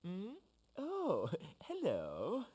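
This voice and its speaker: Lovesick game barber, wistful, sighs, wildly swooping pitch, unhurried. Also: male voice, huge pitch swings, mellow, breathy edge, full character voice. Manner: wistful, sighing, swooping delivery. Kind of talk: video game voice acting.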